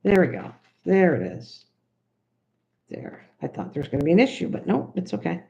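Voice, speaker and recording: A woman's voice: lowish voice, sing-song, normal speed, gravelly, dark tone, slight background noise. Older woman, rambling chat, crafting livestream, slightly dull lo-fi sound. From United States. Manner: rambling, chatty, talks to viewers while working. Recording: slightly dull lo-fi stream audio.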